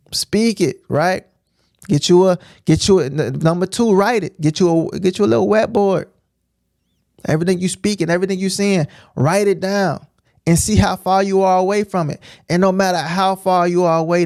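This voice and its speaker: Guy with kinda high voice preaching loose on a stream, repeats himself a lot, keeps saying right?, dry close sound. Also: creaky, darkish tone, no echo. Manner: emphatic, repetitive, keeps asking "right?". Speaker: streamer teaching scripture. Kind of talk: informal preaching on a livestream.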